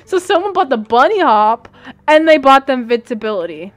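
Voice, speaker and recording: High, bouncy, giggly woman streamer. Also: fairly quick, soft background music. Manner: excitable, giggly, yelps and shrieks at the game. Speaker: gaming streamer. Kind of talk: live game commentary.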